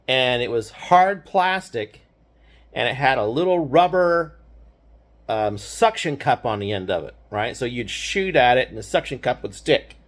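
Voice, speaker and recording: A man's voice: mid-range voice, animated, measured pace. An older man telling a childhood memory in a loose, rambling way, often checking in with "right?" and laughing wryly at the grim parts. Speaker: grandfather storyteller. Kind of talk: casual personal storytelling.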